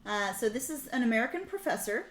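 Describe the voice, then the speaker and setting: High, lively woman streamer, echoey room. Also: fast talker. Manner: reads prompts aloud and translates them, chatty and self-correcting. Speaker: streamer learning a language. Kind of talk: casual live-stream commentary. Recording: echoey room with background noise. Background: keyboard typing and clicks.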